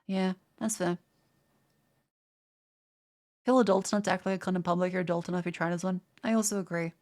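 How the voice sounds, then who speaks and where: A woman's voice: on the low side, steady tone, brisk, a little mellow. A young Australian woman streaming live, chatting casually and crudely in a rambling way, with frequent restarts as she answers viewers. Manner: profane, rambling, stammers and restarts.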